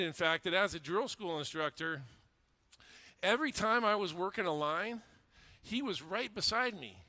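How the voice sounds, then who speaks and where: A man's voice: high voice, sharp tone, no room sound. A middle-aged man, a fire officer and instructor, telling a story in a speech with earnest emphasis and repeated phrases.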